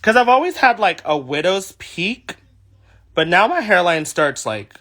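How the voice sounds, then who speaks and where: A young man from California talks to viewers on a livestream through his phone. His voice sits a little high and rings bright. His pitch swoops up and down with animated, chatty energy as he reads comments aloud. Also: measured pace. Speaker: drag performer. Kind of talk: casual livestream chat.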